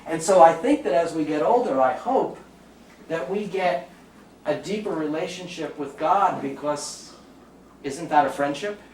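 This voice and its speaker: A man's voice: fairly high pitch, expressive, unhurried, darkish tone. Middle-aged bronx guy giving a jokey talk, echoey room, kinda distant mic. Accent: New York (Bronx). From the Bronx, New York. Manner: chatty, jokey storyteller with audience asides. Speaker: lecturer. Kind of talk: talk to a live audience. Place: lecture room. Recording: roomy sound, from far off, faint background noise.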